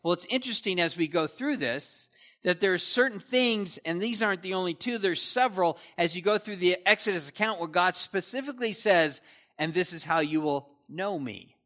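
Man, Bible teaching, verse by verse, bright forceful tone, casual asides. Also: high voice, lively intonation, normal speed. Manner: casual asides and rhetorical checks with the listeners.

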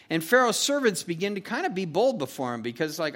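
A man's voice: high-pitched, sing-song, fast talker, hardly any pauses, fairly bright tone. Folksy, chatty man teaching a sermon. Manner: folksy and chatty, asks "okay?" and "you know", with many fillers. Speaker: pastor teaching a Bible study. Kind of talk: conversational verse-by-verse sermon.

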